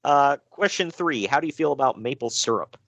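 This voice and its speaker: Guy cohosting a wrestling podcast, really up and down pitch, laughs a lot, dry close mic. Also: animated, fairly quick, a bit bright, dry recording. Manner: laughs often, puts on silly voices for jokes. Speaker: podcast co-host. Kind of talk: casual wrestling podcast chat.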